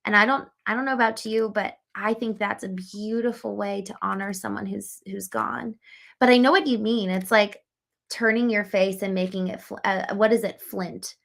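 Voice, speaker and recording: Gravelly earnest woman hosting a livestream. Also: medium pitch, fairly even intonation, normal speed, a bit bright. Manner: earnest, reflective, with frequent "um" and "like". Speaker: livestream host. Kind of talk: casual livestream talk, reading chat.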